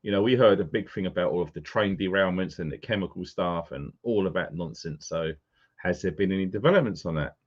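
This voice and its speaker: A man's voice: low-pitched, a little fast. Chatty man, lo-fi sound. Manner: chatty, greeting viewers by name. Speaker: live stream host. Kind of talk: casual live-stream chat. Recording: dull lo-fi sound.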